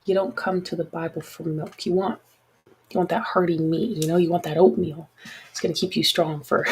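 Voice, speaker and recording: A woman's voice: low voice, darkish tone, husky, low-quality recording. A woman hosting a casual livestream, talking frankly and chattily with apologetic asides to her listeners. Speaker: podcast host.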